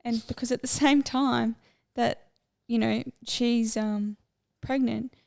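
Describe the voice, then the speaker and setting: A woman's voice: on the high side, steady tone, takes it slowly, vocal fry, darkish tone. A young woman co-hosting a podcast, chatting casually and rambling from one topic to the next. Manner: chatty, rambling, easily sidetracked. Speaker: podcast co-host. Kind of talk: casual chat.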